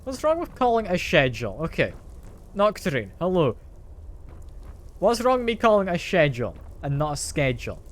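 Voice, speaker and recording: A man's voice: high-pitched, wildly swooping pitch, normal speed. A man streaming a game, chatting casually with his chat and playfully defending how he says a word. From Britain.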